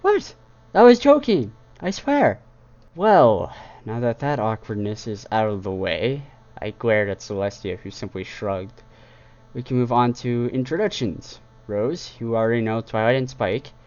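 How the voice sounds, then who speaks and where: A man reading a first-person fan story aloud in a plain, even voice. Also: lowish voice, moderate pace, dull audio. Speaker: fan fiction reader.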